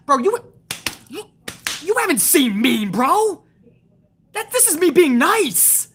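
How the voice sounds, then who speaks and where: A woman's voice: high-pitched, sing-song, a little slow, fairly bright tone. A woman hosting a show, ranting hard with profanity about wrestling and answering viewers in a live chat. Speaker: show host.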